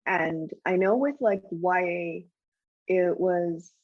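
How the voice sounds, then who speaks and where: A woman and guest author in a casual interview chat, telling stories in an animated way and laughing often. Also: fairly low pitch, slow, no echo, dull audio. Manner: animated, laughing anecdotal storytelling.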